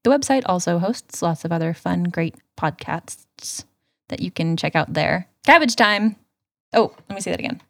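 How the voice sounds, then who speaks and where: A woman's voice: lowish voice, moderate pace, vocal fry, dry recording, clean studio sound. A woman co-hosting a podcast in casual chat, giggly and rambling, a bit tipsy. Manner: giggly, rambling, lots of laughs. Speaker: podcast co-host.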